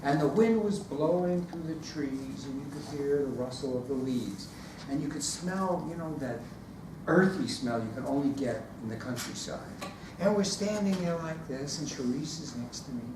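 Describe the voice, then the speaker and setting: A man's voice: fairly high pitch, normal speed, background noise. A man giving a storytelling speech at a speaking club, acting out scenes with sounds as he goes. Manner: animated, acts out scenes with sounds. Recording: echoey room from far off.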